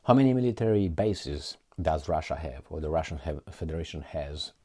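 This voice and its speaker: A man's voice: rumbling low, animated, brisk, darkish tone. A man giving casual, profane political commentary, reading articles aloud and mocking them with frequent laughs.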